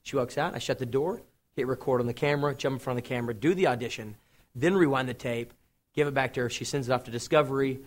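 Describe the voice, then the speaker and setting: A man's voice: medium pitch, quick pace. A young adult man, a TV host, telling stories from his career in a casual interview, acting out what others said. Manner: lively storyteller acting out quotes.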